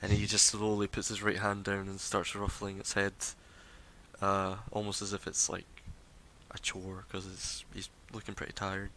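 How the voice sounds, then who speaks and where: A man narrating as game master, describing scenes in a relaxed way with fillers. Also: sits low, moderate pace, a little hiss or hum, rough recording.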